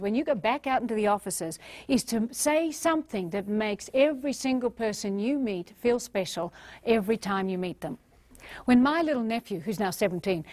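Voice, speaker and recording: A woman leadership trainer giving a playful, animated seminar talk to an audience. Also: a little high, no room sound. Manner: playful and animated, acting out quotes with gasps.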